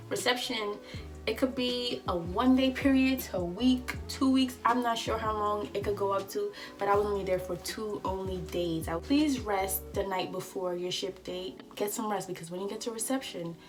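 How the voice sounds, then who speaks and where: Young woman vlogger, animated and chatty, giving advice, faint music behind. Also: mid-range voice. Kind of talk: casual storytime vlog. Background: faint background music.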